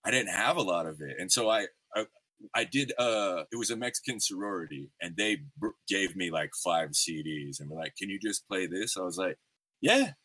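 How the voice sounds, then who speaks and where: A man's voice: sits low, brisk, sharp tone, no room sound. A man in his thirties hosting a podcast, telling stories in a laid-back, slangy way with lots of fillers. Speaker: podcast host. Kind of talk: casual interview chat.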